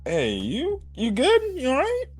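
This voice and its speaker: A man doing a high-pitched worried schoolgirl. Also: wildly swooping pitch, measured pace, husky, faint music behind, full character voice. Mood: concerned. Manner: high, checking in on a friend. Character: concerned teenage girl friend.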